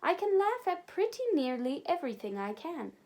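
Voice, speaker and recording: A woman voicing a round, jolly, bald old man with a loud, cheery manner, read aloud from a storybook. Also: very high-pitched, big pitch swings, moderate pace, voice pushed up.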